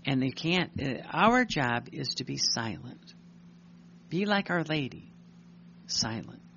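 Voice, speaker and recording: A man preaching a sermon, reading passages aloud, halting with many fillers and restarts and clearing his throat often. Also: medium pitch, big pitch swings, pushed and bright. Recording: muffled recording with faint hum.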